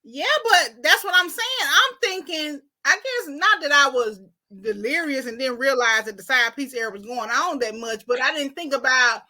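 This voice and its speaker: A high, very bright-voiced woman hosts a casual podcast. She talks animatedly and acts out the quotes she reads aloud with flair. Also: moderate pace, few pauses. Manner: animated storyteller who reads quotes dramatically. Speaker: podcast host.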